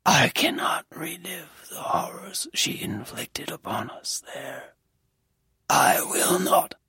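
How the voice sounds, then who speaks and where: A reader voicing a broken, guilt-ridden young man who was held captive, in a whispered role-play, hushed, halting and grave. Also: mid-range voice, lively intonation, breathy edge, no room sound, full character voice. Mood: haunted whisper.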